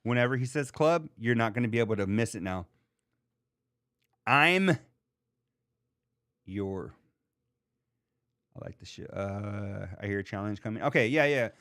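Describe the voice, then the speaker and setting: A male podcast host chats loosely with his audience, rambling and full of ums. His voice sits at a middling pitch. The sound is dry and close, with no room echo. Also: a bit bright. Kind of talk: casual chat reading live chat.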